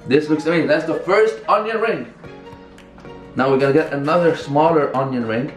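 A man's voice: a little high, moderate pace. A young man giving a casual, chatty cooking tutorial in a home kitchen, filmed on a camera someone else holds. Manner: upbeat, chatty, talks while working. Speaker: cooking vlogger. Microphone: camera held by another person. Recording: echoey room with music behind. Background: background music.

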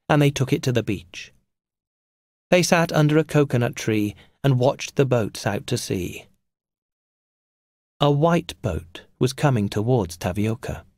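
Man narrating a storybook, lively pitch. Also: no echo. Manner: clear and measured for learners. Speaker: audiobook narrator.

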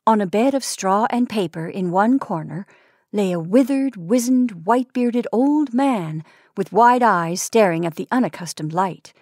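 A woman's voice: medium pitch, dry recording. Woman reading a story aloud, dry close sound. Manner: measured, expressive reading. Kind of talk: read-aloud story narration.

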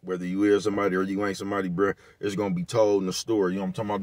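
A man's voice: low-pitched, flat delivery, racing, hardly any pauses, darkish tone. Laid-back man ranting in slang. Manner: laid-back, repetitive, peppered with slang and profanity. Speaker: vlogger giving commentary. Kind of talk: casual rant to camera.

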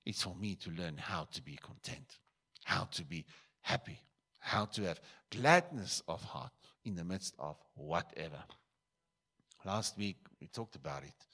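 A man's voice: sits low, lively intonation, measured pace, slightly rough. Emphatic male pastor preaching. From South Africa. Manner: emphatic, swings between loud bursts and quiet asides. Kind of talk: sermon. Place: church.

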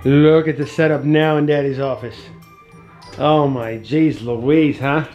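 A man and father hosting a casual family home-tour vlog, excitable and full of exclamations as he talks to his kids and viewers. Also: fairly high pitch, measured pace, highs cut off. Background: background music.

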